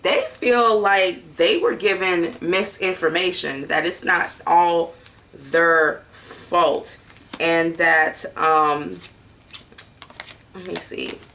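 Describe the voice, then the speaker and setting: Tarot reader, woman, lowish pitch with a bright edge; blunt, unhurried, salty talk. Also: slight background noise. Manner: blunt, casual and profane, with many fillers. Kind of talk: casual tarot reading video.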